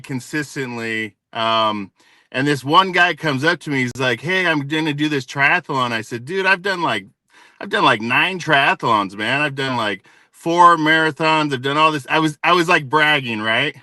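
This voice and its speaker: Bright-voiced joking man hosting. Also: fairly high pitch, expressive, normal speed, dry recording. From Tonga. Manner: joking, storytelling, says dude often. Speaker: host. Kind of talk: casual live panel chat.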